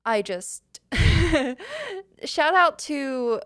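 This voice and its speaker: Young woman, podcast host, loose chatty Q&A delivery, smooth clear voice. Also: mid-range voice, lively intonation, moderate pace. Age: young adult. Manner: chatty, rambling, many fillers and giggles. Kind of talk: casual Q&A chat.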